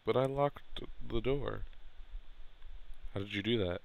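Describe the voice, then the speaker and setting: Low, smooth-voiced young man narrating gameplay. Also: measured pace, pauses often. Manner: jittery, easily startled, talks to his in-game dog. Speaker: gameplay commentator. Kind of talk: solo let's play commentary.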